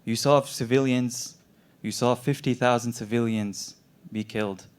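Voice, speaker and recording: A young man voicing a gentle grieving war-zone doctor. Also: medium pitch, moderate pace, lightly acted. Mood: gently probing. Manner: gentle, quietly probing.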